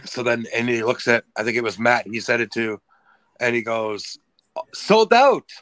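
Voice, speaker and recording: A man's voice: medium pitch, flat delivery, moderate pace, bright, forceful tone. A man co-hosting a wrestling podcast, telling a loose anecdote in casual chat. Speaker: podcast co-host.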